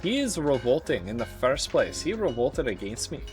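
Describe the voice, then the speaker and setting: A man's voice: medium pitch, very animated, normal speed. A male streamer with a mid-range voice reads strategy-game events aloud and breaks off for dry, joking comments to his chat. Faint game music plays underneath him. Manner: reads game text aloud with wry asides. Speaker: live streamer. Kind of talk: live gameplay commentary.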